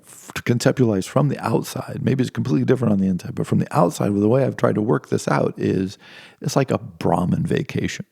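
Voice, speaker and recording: A man's voice: mid-range voice, gravelly, dark tone, husky, no echo, studio quality. A middle-aged man giving an informal lecture, rambling with many restarts and playfully acting out imagined speakers.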